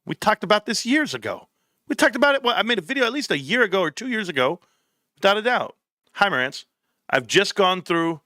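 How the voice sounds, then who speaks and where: A man's voice: sits high, very animated, brisk, sharp tone, dry recording, clean studio sound. A man hosting a casual live stream, joking, rambling and swearing freely as he talks to viewers by name.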